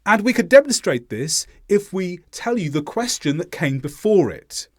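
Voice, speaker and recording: A man teaching English pronunciation in a scripted lesson, speaking slowly and deliberately with heavy stress on key words. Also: sits high, very animated, dry recording, studio quality.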